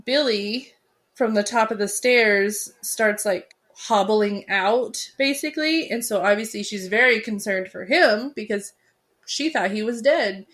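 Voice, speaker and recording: A woman co-hosting a podcast, chatting about a film in an excitable, rambling way and laughing easily. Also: mid-range voice, unhurried. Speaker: podcast co-host. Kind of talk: casual chat about a film.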